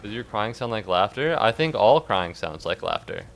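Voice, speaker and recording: A man giving rambling, jokey commentary while streaming a game, breaking into squeaky outbursts. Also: big pitch swings, moderate pace, faint music behind. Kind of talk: casual gaming commentary.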